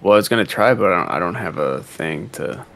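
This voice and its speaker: A man's voice: low-pitched, animated, a little fast, creaky, a bit bright. A young man co-hosting a casual let's-play stream, rambling and hedging as he talks. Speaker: co-host.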